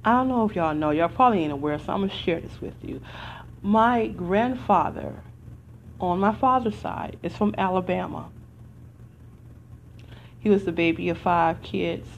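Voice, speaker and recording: A woman's voice: on the low side, normal speed, creaky, long pauses, dull audio, a little hiss or hum. A woman from the United States hosting a podcast, talking in an earnest, rambling way with many restarts. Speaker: podcast host. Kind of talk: casual spoken commentary.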